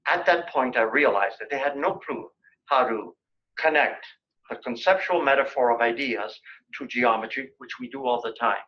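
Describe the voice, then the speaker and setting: A man's voice: mid-range voice, lively intonation, normal speed, bright, forceful tone, highs cut off. An older man giving a colloquium lecture in a lecture room, telling joking anecdotes in a chatty way.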